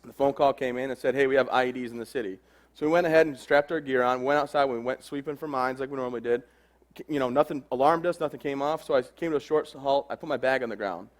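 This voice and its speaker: A man's voice: medium pitch, fast. A man in his thirties, an army veteran, telling his own story to an audience in a frank, plain way. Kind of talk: personal testimony talk.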